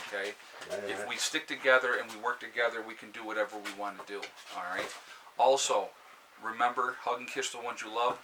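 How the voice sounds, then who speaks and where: A male vlogger with a lowish voice delivers an opinionated, casual monologue, ranting emphatically and dropping in frequent "okay?" asides. The recording quality is low.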